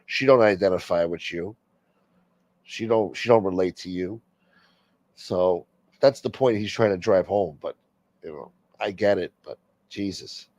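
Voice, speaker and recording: A man's voice: sits low, unhurried, pauses often, a little mellow, dry recording, dull audio. A man hosting a casual live-stream chat, rambling, profane and opinionated. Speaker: livestream host.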